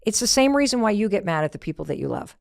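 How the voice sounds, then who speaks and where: A woman's voice: mid-range voice, very animated, fast talker, gravelly, a little mellow, no echo, clean studio sound. A middle-aged woman hosting a motivational podcast, talking in a conversational way and acting out the lines she quotes. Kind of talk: motivational talk.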